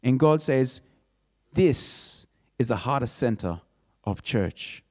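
A man's voice: medium pitch, lively intonation, slow pace, a little mellow, in a large hall. A man preaching a sermon as a pastor. He builds his points through emphatic, repeated phrases. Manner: emphatic, repetitive preaching cadence.

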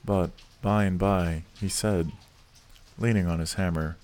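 A man reading a classic novel aloud as an audiobook narrator, measured and unhurried. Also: low-pitched, steady tone, darkish tone.

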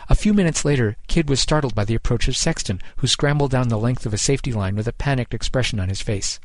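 A man's voice: mid-range voice, no room sound. Man narrating in a dry, close voice. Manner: measured, even storytelling. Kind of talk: scripted audiobook narration.

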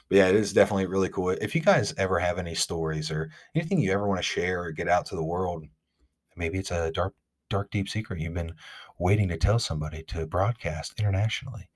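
A man with an Ohio accent hosting a podcast, telling a fishing story in a rambling, animated way with lots of "like". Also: low voice, quick pace. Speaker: podcast host. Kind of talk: casual storytelling.

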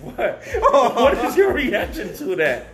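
Man, high voice, animated, playful, sets up scenarios, faint music. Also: takes it slowly, roomy sound. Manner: playful, sets up hypotheticals, acts out quotes. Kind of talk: casual chat.

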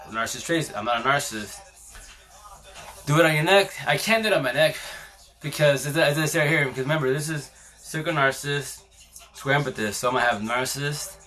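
A man's voice: medium pitch, pushed and bright. A man hosting a casual live stream on his phone, talking in a rambling, slangy way and swearing freely.

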